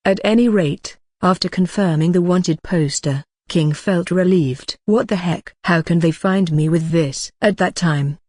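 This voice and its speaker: Audiobook narrator, mid-pitched, steady matter-of-fact read, dry close sound. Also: no room sound. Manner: even, matter-of-fact reading. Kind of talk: scripted narration.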